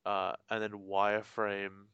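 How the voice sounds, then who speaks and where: A man's voice: on the low side, monotone, slow pace, a bit bright, clean tone, no echo, dull audio. A young man co-hosting a casual podcast, adding wry, skeptical asides. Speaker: podcast co-host. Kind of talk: casual chat.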